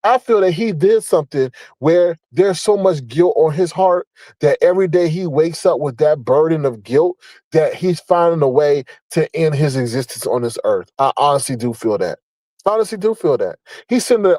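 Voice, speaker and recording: A man's voice: a little high, expressive, moderate pace, mellow, no echo, poor audio. A man giving a blunt, profane commentary rant, scolding and mocking, repeating his points for emphasis. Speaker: online commentator. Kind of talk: ranting commentary.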